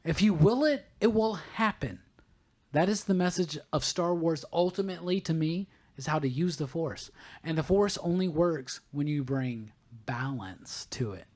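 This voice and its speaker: Animated man co-hosting a podcast. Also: on the high side, normal speed. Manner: animated, preachy when explaining ideas. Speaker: podcast co-host. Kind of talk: casual podcast chat.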